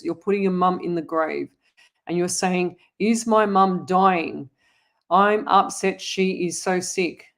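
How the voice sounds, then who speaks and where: A woman, a psychic medium hosting a live online Q&A, giving earnest, urgent advice and calling her viewers "lovey". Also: on the low side. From Australia. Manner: addresses viewers as lovey and guys.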